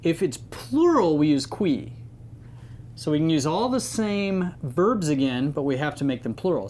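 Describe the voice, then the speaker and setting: A man's voice: a little high, darkish tone, slight background noise. A man giving an informal Latin grammar lesson, chatty and playful, leaning on the key words. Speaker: Latin teacher.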